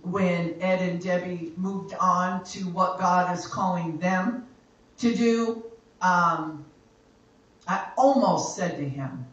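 Slow, emphatic woman worship leader, very echoey. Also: on the low side, highs cut off. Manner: slow, emphatic, repeating phrases for effect. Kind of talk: spoken exhortation during worship. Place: church sanctuary. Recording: very echoey church hall from far off.

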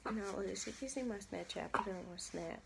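A young woman, a new mother, telling a casual storytime vlog in a chatty, expressive, colloquial way. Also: mid-range voice, brisk, vocal fry, very noisy.

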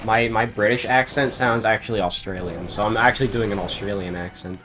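A man's voice: fairly low pitch, brisk, bright, forceful tone. A young man joking and swearing casually while playing a co-op game with a friend. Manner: joking, laughs often, swears. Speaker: co-op game player. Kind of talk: casual gaming chat.

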